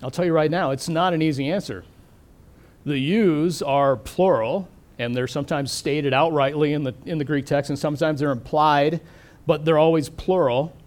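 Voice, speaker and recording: A middle-aged man preaching a sermon, thoughtful and questioning, slowing down to stress key words. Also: a little high, a little mellow. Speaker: pastor.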